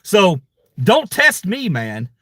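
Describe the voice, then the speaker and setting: A man's voice: high-pitched, huge pitch swings, takes it slowly, bright, forceful tone, no room sound, clean studio sound. A man hosting his own channel, ranting angrily at online critics in a heated, profane, confrontational way. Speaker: channel host. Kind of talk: angry livestream rant.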